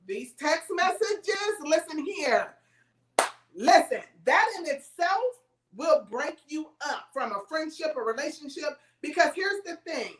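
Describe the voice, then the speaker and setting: A woman's voice: sits high, animated, unhurried, reverberant, distant mic, rough recording. A woman talking in a casual chat, emphatic and full of stories, laughing as she goes.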